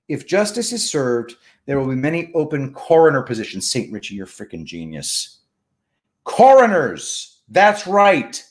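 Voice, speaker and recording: Animated male live streamer. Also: a little high, normal speed. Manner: animated, joking, swings from loud bursts to mumbled asides. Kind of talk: casual live stream chat reading comments.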